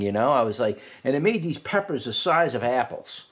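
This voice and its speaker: A man giving a casual, rambling review of a hot pepper, often restarting his sentences and climbing higher when he retells a story. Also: very animated, normal speed.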